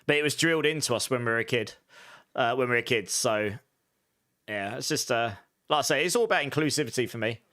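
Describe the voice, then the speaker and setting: A man's voice: medium pitch, quick pace, fairly bright tone. An English man chatting casually with his viewers during a live game stream, rambling and answering chat as he plays. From England.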